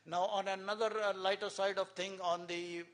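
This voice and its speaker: A man's voice: sits high, flat delivery, normal speed, a bit bright. Older Indian man telling rambling stories. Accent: Indian English. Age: 70s. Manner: rambling storyteller with many fillers and restarts, chuckling. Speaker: guest speaker, former cricketer. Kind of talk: anecdotal speech at a symposium. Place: conference hall, live event.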